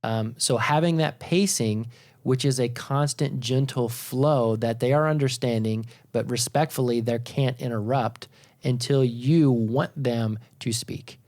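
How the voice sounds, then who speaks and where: A man's voice: mid-range voice, a little slow, a little mellow. A man co-hosting a sales podcast, explaining things in an emphatic, instructive way. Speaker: podcast co-host and sales trainer. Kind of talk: podcast discussion.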